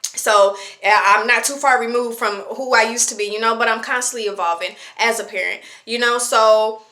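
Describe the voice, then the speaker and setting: A woman in her late twenties speaks in a bright, clear voice, pitched a little high. She talks casually to the camera, chatty and reflective, and fills her thoughts with ums and you-knows. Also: steady tone, normal speed. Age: 20s. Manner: chatty, reflective, many fillers. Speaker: vlogger.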